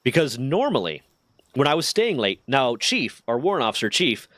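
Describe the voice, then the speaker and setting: A man's voice: medium pitch, normal speed, dry recording. A man streaming, telling a workplace story in a casual, profane way and acting out the dialogue. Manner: profane, animated retelling with quoted dialogue.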